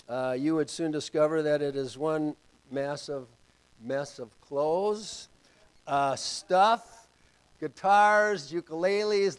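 An older man preaching a sermon and telling a personal story, moving from loud calls to hushed asides. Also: on the high side, clean tone, low-quality recording.

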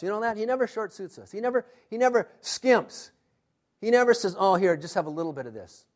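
A man with a notably high-pitched voice delivers a sermon. He speaks emphatically, prompting the congregation to fill in key words, and swings between forceful emphasis and hushed, intense asides. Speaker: pastor.

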